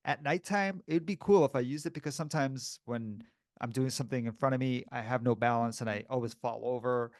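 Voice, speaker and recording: Male podcast co-host, mid pitch, lively storyteller who laughs and does little voices, close dry mic. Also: a little fast, dry recording. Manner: animated, laughs often, acts out voices in his stories. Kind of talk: casual storytelling chat.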